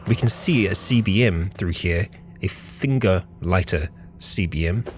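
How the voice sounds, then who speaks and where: A man narrating a game playthrough as host, talking calmly and musing aloud to his character. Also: low-pitched, a little slow, a little hiss or hum. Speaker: let's play host.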